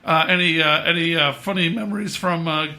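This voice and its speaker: A man hosting a podcast, asking rambling, halting questions full of fillers. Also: a little high, steady tone, bright, forceful tone. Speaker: podcast host. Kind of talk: casual interview.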